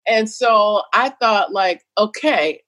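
A middle-aged woman talking casually as an interview guest, animated and quick to act out what others said. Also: medium pitch. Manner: animated, jumps between quoted voices and laughs.

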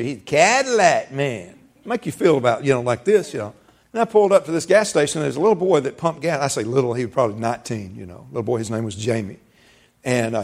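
Gravelly-voiced middle-aged preacher telling stories. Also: male voice, medium pitch, a little mellow. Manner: folksy storytelling with laughter and quoted dialogue. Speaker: pastor. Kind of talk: sermon.

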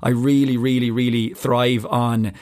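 A man's voice: medium pitch, level tone, unhurried, darkish tone, dry recording, clean studio sound. A man, a teacher and podcaster, talking enthusiastically about teaching and laughing easily. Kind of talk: conversational interview answers.

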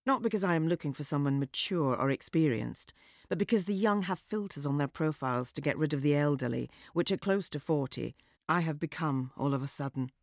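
A woman narrating a story in a measured, wry and understated way. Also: low voice, lively intonation, dry recording, studio quality. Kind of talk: audiobook narration.

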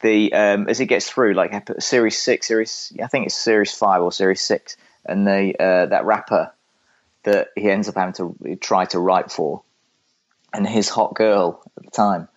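A man's voice: fairly low pitch, fairly even intonation, moderate pace, lo-fi sound. A man co-hosting a podcast, chatting casually in a rambling way with chuckles. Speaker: podcast co-host. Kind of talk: casual chat.

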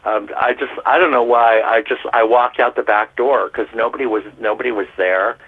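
Animated man telling stories over the phone. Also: medium pitch, normal speed, vocal fry. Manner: animated storyteller, laughs often. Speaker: guest. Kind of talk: casual storytelling. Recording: phone line.

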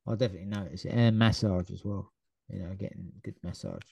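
A man's voice: low voice, fast, gravelly, breathy edge, no echo. A man chatting casually as a podcast co-host, telling stories with laughs and acted-out quotes. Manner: animated storyteller, acts out quotes with shouts and laughs. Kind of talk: casual chat.

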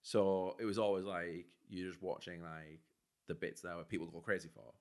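A man's voice: deep voice, steady tone, normal speed. A man with a Teesside accent co-hosting a podcast, chatty and upbeat, with many fillers. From Teesside, England. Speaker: podcast co-host. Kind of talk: casual chat.

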